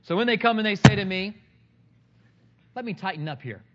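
High-voiced man preaching with playful humor. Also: fairly quick, dull audio, very noisy. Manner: animated storytelling with humor. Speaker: pastor. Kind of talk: sermon.

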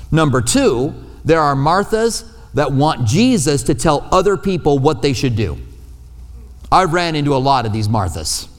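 Pastor preaching with a long hall echo. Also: male voice, fairly high pitch. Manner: conversational, acts out quoted voices. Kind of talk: sermon.

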